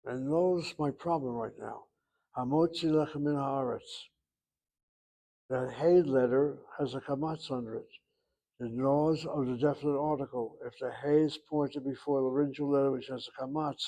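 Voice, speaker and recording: Middle-aged male Hebrew teacher, lecturing, mid-pitched voice, stops to hunt for words. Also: fairly even intonation, dark tone. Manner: thinks aloud, pauses to search for terms. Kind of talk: classroom lecture.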